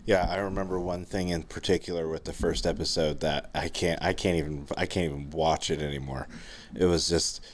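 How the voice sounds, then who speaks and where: A man with a deep, low voice chatting as a podcast co-host. He is laid-back and agreeable, tossing in "yeah" a lot and restarting sentences as he goes. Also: fairly even intonation, a little fast, slight background noise. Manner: easygoing, lots of "yeah" and repeated starts. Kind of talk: casual chat.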